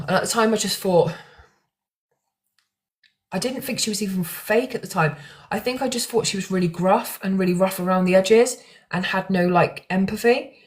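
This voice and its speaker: A young woman talking to camera about true crime, emotional and rambling, with restarts and fillers. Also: medium pitch. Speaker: true crime content creator. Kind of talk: casual talk to camera.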